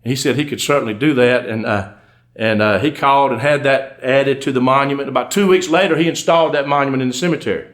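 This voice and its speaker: A man's voice: mid-range voice, fast, a bit bright. A middle-aged man with a Southern US accent, a country undertaker telling folksy comic stories to a live audience. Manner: folksy, drawling, breaks into laughs at punchlines. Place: stage before a live audience.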